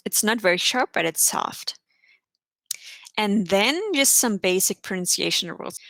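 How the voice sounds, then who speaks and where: A woman's voice: mid-range voice, fairly bright tone, no room sound. Patient woman teaching French pronunciation. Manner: patient, explanatory, spells words out. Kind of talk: online class lesson.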